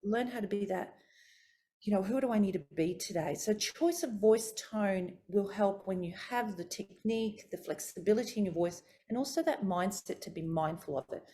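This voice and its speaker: A middle-aged woman vocal coach teaching a workshop, talking through voice warm-ups with expressive, demonstrative delivery. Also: moderate pace. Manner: expressive, demonstrates pitch and articulation.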